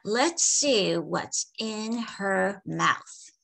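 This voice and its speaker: Unhurried old village healer, dry grumbles, lively lilt, as a woman reads him in a folktale. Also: mid-range voice, vocal fry, exaggerated voice. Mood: calm. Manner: calm, drawling, grumbling.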